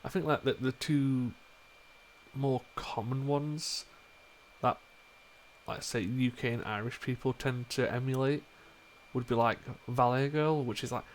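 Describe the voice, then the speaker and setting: A man's voice: medium pitch, steady tone, unhurried, slight background noise. A man with an English accent chatting casually and swearing freely as a player between rounds of a tabletop game over a voice call. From England.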